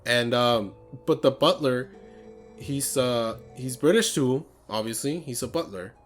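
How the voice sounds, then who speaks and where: A man's voice: medium pitch, unhurried, soft background music. A man co-hosting a podcast, chatting casually and rambling with lots of fillers. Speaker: podcast co-host. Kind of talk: casual chat.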